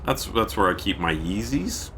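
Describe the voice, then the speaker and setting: Lively deep-voiced man streaming a game. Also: moderate pace, a little hiss or hum. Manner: chatty, reads out viewer thanks, sudden yelps; keeping his voice down. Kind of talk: casual gameplay commentary.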